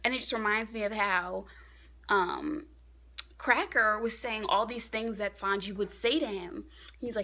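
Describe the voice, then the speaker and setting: A young woman giving a casual, excitable review of a manga chapter, often dropping to a hushed whisper. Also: fairly high pitch, moderate pace.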